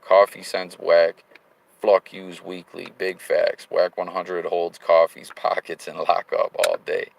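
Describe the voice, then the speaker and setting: Hosting a live chat while driving, this man reads out viewer comments in slang-heavy banter punctuated by sudden bursts of hype. He has a deep, gravelly voice, speaks a little slowly and keeps his delivery completely flat. Slight background noise sits under a low-quality recording.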